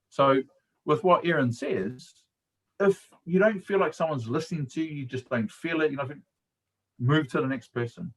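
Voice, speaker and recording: A man's voice: on the high side, normal speed, low-quality recording. A middle-aged man with a New Zealand accent, a coach and guest speaker, telling stories and giving advice in a casual live-stream talk, laughing often and speaking colloquially.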